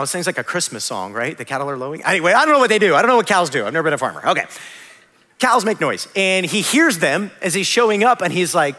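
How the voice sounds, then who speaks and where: Man, pastor, sermon, high lively voice, conversational with joking asides, big echoing hall. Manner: conversational, self-correcting preaching with humorous asides.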